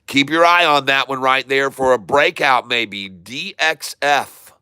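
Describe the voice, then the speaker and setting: A man hosting a casual stock trading livestream, folksy and excitable, chatting to viewers while he trades. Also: mid-range voice, measured pace, clean tone, no echo, studio quality. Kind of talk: casual live market commentary.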